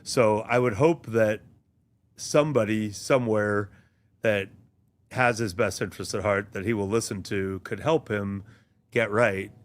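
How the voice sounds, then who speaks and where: A man who is a sports journalist, a guest on a talk show, speaking thoughtfully with frequent pauses and fillers. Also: lowish voice. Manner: thoughtful, many ums and restarts.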